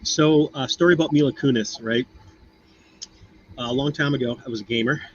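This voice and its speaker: A man's voice: mid-range voice, moderate pace, slight background noise. Rambling American man with a muffled sound. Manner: rambling storyteller, many fillers. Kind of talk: casual chat.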